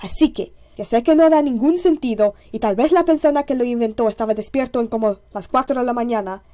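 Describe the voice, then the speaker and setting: A woman doing an eager, rushed Spanish speaker. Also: fairly high pitch, warm tone, close to an everyday voice. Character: excited early Spanish speaker pitching a phrase.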